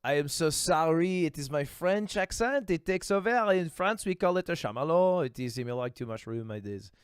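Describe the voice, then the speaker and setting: A man putting on a mock French accent with deliberately broken English. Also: on the high side, expressive, smooth, dry recording, clean studio sound, pitched above the performer's own voice, close to an everyday voice. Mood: mock apologetic.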